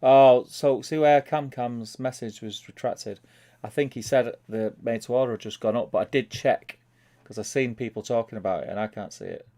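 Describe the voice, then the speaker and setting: A man's voice: medium pitch, moderate pace, mellow. A man co-hosting a casual stream, chatting in an easygoing way and laughing often. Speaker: co-host of painting stream. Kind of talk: casual chat.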